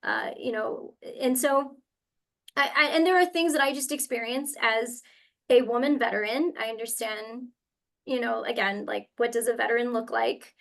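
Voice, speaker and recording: A young woman speaks on a video-call webinar panel, her voice sitting a little high. She tells her story in a heartfelt, animated way, full of small fillers and restarts. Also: moderate pace, creaky. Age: young adult. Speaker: webinar panelist from a university career center.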